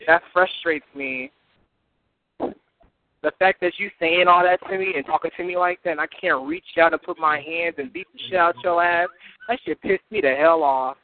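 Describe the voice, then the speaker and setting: A man with a high voice hurls profane, boastful trash talk and breaks into laughter between threats. The sound is thin and tinny, like a phone line. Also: fairly even intonation, moderate pace, no echo.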